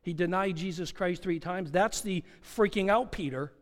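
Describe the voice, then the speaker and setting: A man's voice: high voice, normal speed. A man preaching a sermon, dramatic, asking rhetorical questions and acting out quoted dialogue. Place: church sanctuary. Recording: long hall reverb.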